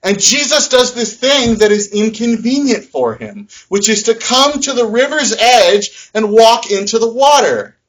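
High bright voiced guy preaching, swoops all over, acts out his kids yelling. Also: a little slow, hardly any pauses, low-quality recording. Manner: animated storytelling, acts out his sons' shouting. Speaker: pastor. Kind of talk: sermon.

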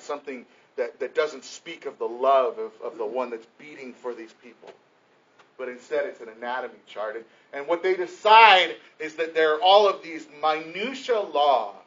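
A man preaching a sermon, a pastor who tells family stories with lively emphasis, restarting his sentences and slowing down to stress his points. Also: on the high side, muffled recording. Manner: animated storytelling, many restarts, slows for emphasis.

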